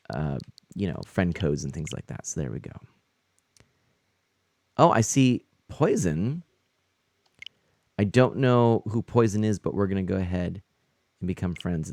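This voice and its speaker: A man streaming a fishing game, chatting with viewers and reading out their messages with quick laughs. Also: sits low. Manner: chatty, reads out chat and greets viewers, nervous excited laughs. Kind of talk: live gameplay commentary.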